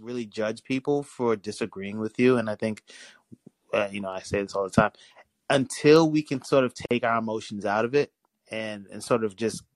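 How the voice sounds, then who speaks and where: A young man calling in to a podcast, talking casually in a rambling way, with frequent restarts and animated storytelling. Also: fairly low pitch, moderate pace, dry recording, rough recording. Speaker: caller. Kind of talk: casual call-in chat.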